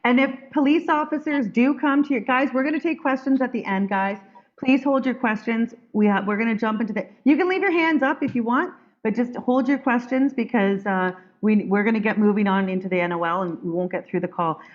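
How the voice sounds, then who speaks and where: A woman's voice: a little high, fairly quick. A woman hosting a group video call, talking in a blunt, firm way with many restarts. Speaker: call host. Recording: dull lo-fi call audio.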